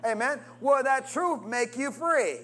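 A man delivers a sermon in call-and-response style, repeatedly calling out questions for the congregation to answer and urging them to say amen. His voice is expressive and unhurried, with wide swings in pitch and loudness.

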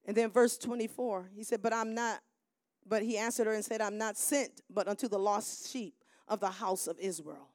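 A middle-aged woman minister preaching a sermon, swinging from quiet storytelling to loud shouted calls and crowd call-and-response. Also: medium pitch, moderate pace, no room sound, clean studio sound.

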